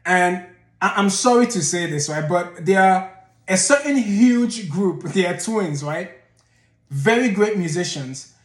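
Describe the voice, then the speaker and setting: A man with a notably high voice gives his opinions to the camera in a commentary vlog. He talks emphatically and often catches himself mid-sentence to rephrase. The room around him is roomy and echoey. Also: animated, a little slow. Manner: emphatic, reframes and restarts mid-thought. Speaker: channel host.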